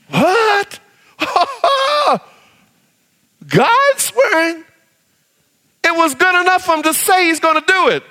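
A male pastor preaching with a high, bright voice. He speaks slowly and deliberately and acts out little quoted voices with a lot of life. When he reads scripture he sinks low and soft. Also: sing-song, in a large hall. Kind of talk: sermon.

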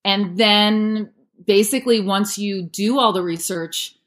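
A woman's voice: mid-range voice, slow pace. A woman in her thirties, an audiobook narrator, answering interview questions in a chatty way with many "like" fillers.

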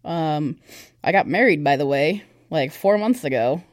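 A woman's voice: low-pitched, animated, a little slow, no room sound, clean studio sound. A young woman giving a personal testimony on a podcast, speaking candidly and conversationally, with lots of fillers. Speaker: podcast guest. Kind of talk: personal testimony in casual chat.

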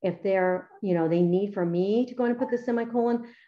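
A middle-aged writing teacher with a medium-pitched voice speaks briskly about how she edits student papers. She is chatty and enthusiastic, using many fillers, and the sound is lo-fi.

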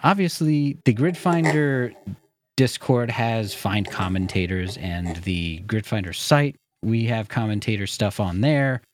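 A man's voice: on the low side, a little slow. An American man hosting a podcast, chatting in an easygoing, enthusiastic way into a studio microphone. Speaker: podcast host. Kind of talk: casual podcast chat.

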